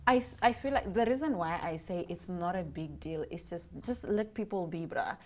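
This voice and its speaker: A woman's voice: lowish voice, normal speed, a little hiss or hum. Laid-back woman co-host. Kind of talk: casual chat.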